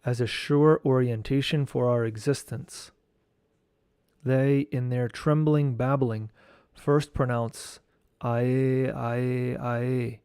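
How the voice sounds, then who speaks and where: Guy reading out a mystic class text, slow and calm, dry close sound. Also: medium pitch, smooth, no echo. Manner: slow, measured reading with chanted mantra syllables. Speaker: teacher of esoteric studies. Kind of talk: reading a lecture text aloud.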